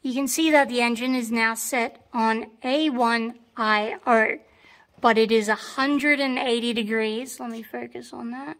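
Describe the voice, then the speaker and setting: An Australian woman with a slightly hoarse, fairly high voice walks through a workshop tutorial. She explains patiently, step by step, and repeats the points that matter. She records on a phone held in one hand. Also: fairly even intonation, a little slow, a bit bright. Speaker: tank restoration mechanic. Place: workshop beside a tank engine.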